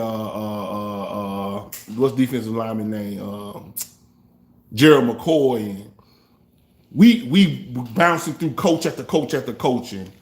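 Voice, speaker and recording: A man hosting a fan reaction show, trash-talking rival fans in a loose, animated way. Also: mid-range voice. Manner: trash-talking, animated, African American Vernacular English grammar. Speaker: sports fan show host.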